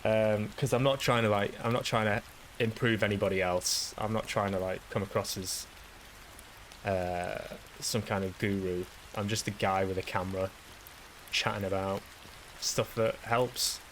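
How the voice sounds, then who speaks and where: A man with a fairly low voice talks his way through a casual solo podcast monologue. He rambles with plenty of swearing and self-deprecation, and faint hiss sits underneath. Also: fairly even intonation, normal speed, fairly bright tone, poor audio. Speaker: podcast host.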